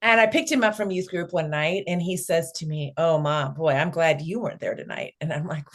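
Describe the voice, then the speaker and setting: A woman's voice: sits low, a little fast. A middle-aged woman, a guest on an interview podcast, telling a family story and acting out the dialogue.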